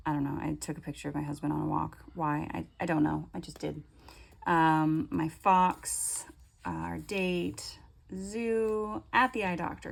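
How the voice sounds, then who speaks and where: A woman's voice: lowish voice, vocal fry. A woman in her thirties chatting casually at home as she flips through her planners, rambling with fillers and restarts. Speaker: planner vlogger.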